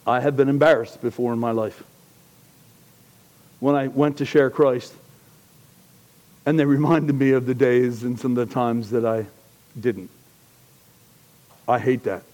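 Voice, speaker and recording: A man preaching a sermon as pastor, conversational and joking, swinging between loud emphasis and hushed asides. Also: mid-range voice, steady tone, a little slow, long pauses, rough recording.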